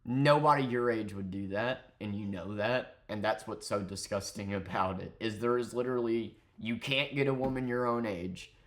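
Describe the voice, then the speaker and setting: A man's voice: fairly low pitch, normal speed, hardly any pauses. Angry profane male ranter. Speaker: commentary YouTuber. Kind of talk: ranting commentary.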